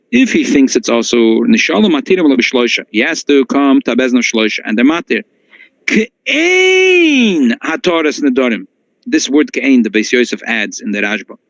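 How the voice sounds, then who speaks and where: A man's voice: vocal fry, no room sound. A man teaching a halacha class as a rabbi. He reads source texts aloud, explains them, and restarts his sentences often. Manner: animated, jumps high in pitch for emphasis, frequent restarts. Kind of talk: text-based Torah lesson, reading and explaining. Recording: dull lo-fi dry recording.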